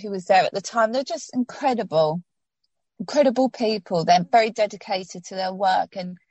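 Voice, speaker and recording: A woman's voice: mid-range voice, darkish tone, no room sound. A woman telling her personal story in an interview, heartfelt and rambling with many restarts, getting emotional.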